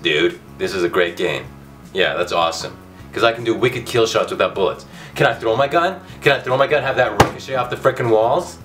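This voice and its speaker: A man commentating his own gameplay for a comic video, loud and excitable, ranting and yelling at the game, his voice going hoarse. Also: on the low side, far from the mic. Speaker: gaming video host.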